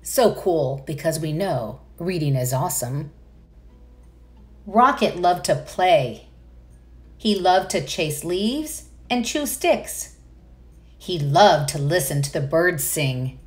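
A woman's voice: low voice, expressive, slow pace, a little mellow. A woman reading a children's picture book aloud, with enthusiastic asides to young listeners. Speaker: read-aloud narrator.

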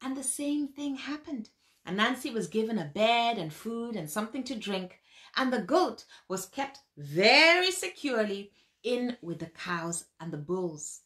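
A woman storyteller narrating a folk tale in an animated way, with sound effects and vivid emphasis. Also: a little high, unhurried.

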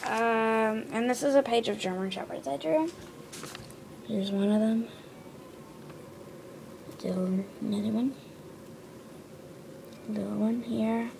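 Girl showing off her drawings, kinda high voice, lots of ums n sorry, hissy noisy recording. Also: gravelly. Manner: hesitant, full of ums and quick self-corrections. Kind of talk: casual show-and-tell.

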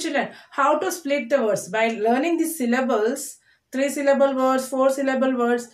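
Woman teacher, high voice, slow syllable-by-syllable drilling, echoey room. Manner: slow, deliberate, repeats words and spells them out in syllables. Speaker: English teacher. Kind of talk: online classroom lesson.

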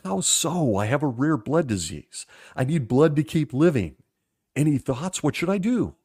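A man's voice: a little high, big pitch swings, normal speed, darkish tone, slightly rough. A man hosting a podcast, giving critical commentary in a sarcastic, mocking way. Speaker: podcast host.

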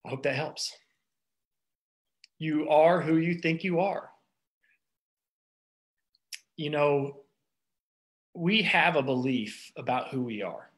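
A man's voice: on the high side, takes it slowly, long pauses. A middle-aged man, a doctor, giving an earnest, personal motivational talk about stress and thoughts, with frequent restarts and fillers. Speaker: doctor giving wellness advice.

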